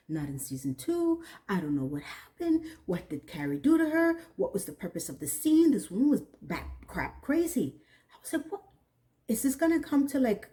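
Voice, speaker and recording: A woman giving a casual, animated TV episode recap, often acting out what she thought in an incredulous tone. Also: medium pitch. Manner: animated, incredulous, acts out characters' lines. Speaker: TV recap reviewer.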